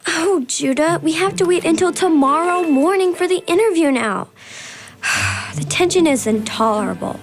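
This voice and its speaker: A woman's voice: very high-pitched, expressive, moderate pace, slight background noise. An actress playing a polite, anxious young assistant who hesitates when she is unsure, in a children's radio drama. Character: nervous, dutiful young woman assistant.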